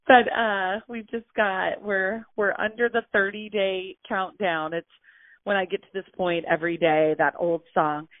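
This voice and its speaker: A woman's voice: medium pitch, steady tone, moderate pace. A young pregnant woman hosting a casual motivational call, gushing and a little out of breath. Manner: bubbly and gushing, with frequent laughs and fillers. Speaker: host of a weekly motivational call. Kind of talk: casual motivational phone message. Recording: tinny phone line, dry.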